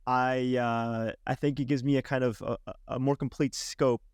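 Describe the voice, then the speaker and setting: A man's voice: medium pitch, fairly even intonation, normal speed, smooth, dry recording. Man hosting, hesitant with many restarts. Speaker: podcast host. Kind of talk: conversational interview.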